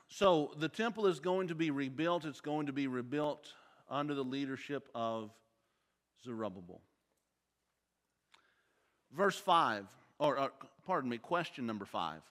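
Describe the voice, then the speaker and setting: Bright-voiced man teaching a Bible class. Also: medium pitch, animated, a little slow, long pauses. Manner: quizzes the class with questions. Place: church auditorium. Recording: long hall reverb.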